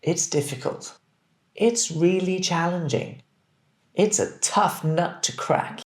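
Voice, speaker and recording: A man teaching English, reading phrases deliberately and clearly so that learners can repeat them. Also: high voice. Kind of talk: scripted language drill. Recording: roomy echo.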